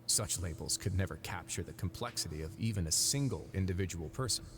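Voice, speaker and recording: A calm video game duke speaks in a lowish, measured voice. His manner is courteous, and game music plays behind him. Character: composed male duke running a fortress.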